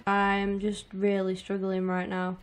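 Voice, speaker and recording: Girl in her 20s doing a let's play, slow drawn-out talk, swearing nonstop, bit of game music under it. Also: mid-range voice, monotone. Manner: frustrated, swears constantly, talks to viewers. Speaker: gaming streamer.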